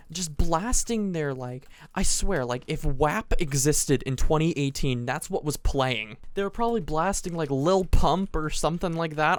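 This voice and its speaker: A teenage boy telling a long, rambling story as casual commentary over a game he is playing, animated, restarting sentences and adding asides. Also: fairly high pitch, no echo. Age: teens. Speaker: gaming channel host.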